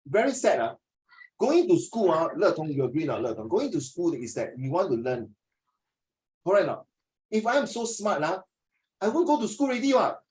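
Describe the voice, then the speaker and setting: A man's voice: moderate pace, pauses often. A Singaporean man runs a lesson in a loose, joking way. His voice swings up and down a lot as he teases students and slips between languages. He sounds playful and never stays on one note. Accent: Singaporean English. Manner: animated, teasing, mixes languages, lively pitch swings. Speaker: tutor.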